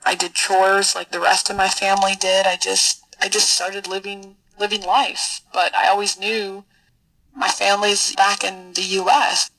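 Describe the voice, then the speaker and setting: A middle-aged woman guest telling a personal story in an interview, earnest and halting, often repeating words as she searches for them. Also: mid-range voice, level tone, sharp tone, poor audio. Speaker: podcast guest, military officer.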